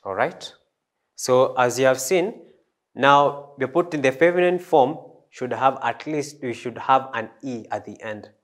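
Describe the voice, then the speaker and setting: A man teaching a French language lesson, slow and hesitant, with many fillers and restarts. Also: mid-range voice. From East Africa. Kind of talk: classroom lesson.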